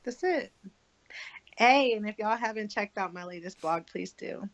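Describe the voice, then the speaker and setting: A woman co-hosting a casual chat show, talking in a quick, playful, chatty way. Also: medium pitch, expressive, muffled recording. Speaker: podcast co-host.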